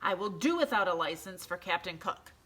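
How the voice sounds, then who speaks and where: Woman reading as an earnest middle-aged man, fed up, lively bright voice. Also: medium pitch, normal speed. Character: exasperated middle-aged man, pet penguin owner.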